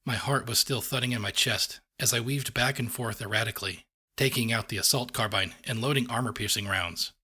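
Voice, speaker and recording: Male fan-fiction reader, husky, steady and dry. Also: medium pitch, fairly quick. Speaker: audiobook reader. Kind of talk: first-person fan-fiction narration.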